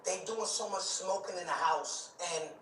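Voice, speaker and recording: A man with a high voice tells a heated personal story, voicing both sides of every exchange and stumbling over repeated words. The recording sounds roomy and distant, with faint noise underneath. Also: normal speed, a bit bright. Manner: acts out quoted dialogue, repeats words, restarts. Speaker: storyteller recounting his past.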